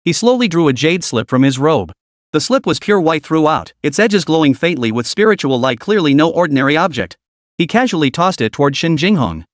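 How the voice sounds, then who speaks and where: A man's voice: on the high side, fairly quick, no echo, clean studio sound. Man narrating a story recap. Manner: steady storytelling.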